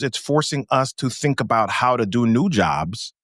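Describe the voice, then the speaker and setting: A man talking as a guest on a business podcast, animated and laughing often as he tells stories. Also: mid-range voice, moderate pace, no echo, studio quality. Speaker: guest speaker. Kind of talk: casual podcast chat.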